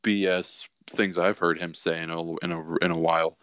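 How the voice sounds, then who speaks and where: Deep-voiced man ranting about hockey. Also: clear, resonant tone, dry recording. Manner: ranting, mocking, fast and animated. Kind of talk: casual sports chat.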